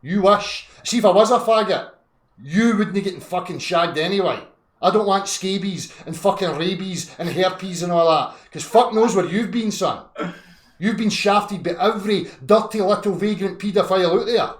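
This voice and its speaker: A man's voice: sits high, moderate pace, echoey room. A Scottish man hosting an online video hangout, ranting at a guest in a heated, profane argument full of insults. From Scotland.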